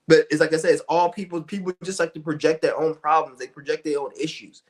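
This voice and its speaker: A young man streaming a loose, profane rant, his voice sitting a little high for a man. He restarts sentences constantly and piles on fillers as he circles his point. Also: steady tone, fast. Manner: blunt, profane, rambling with many restarts and fillers. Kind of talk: ranting monologue.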